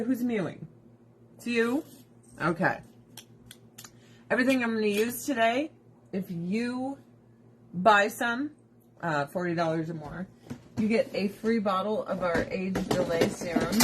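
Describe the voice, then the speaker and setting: A woman's voice: mid-range voice, a little slow, pauses often, slight background noise. A woman hosting a casual livestream from home, ranting bluntly with plenty of profanity. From United States. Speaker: livestream host. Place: at home with pets.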